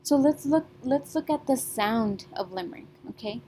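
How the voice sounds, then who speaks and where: A woman's voice: sits high, animated, normal speed, mellow, husky. A young woman teacher giving a recorded reading lesson to her class, in a patient, sing-song classroom manner with frequent check-ins.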